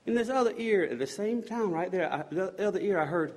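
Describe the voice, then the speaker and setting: A man giving an earnest spoken faith testimony, halting and restarting his words and often dropping to a soft hush. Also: high voice, lively intonation. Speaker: speaker giving a personal testimony.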